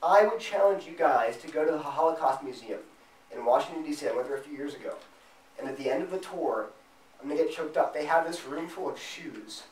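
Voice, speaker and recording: Man, fairly high voice, forceful apologetics lecturer, heard from a distance in an echoey room. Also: slight background noise. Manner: emphatic, acts out imagined back-and-forth dialogue. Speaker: invited speaker at a student fellowship event. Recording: roomy sound, mic at a distance.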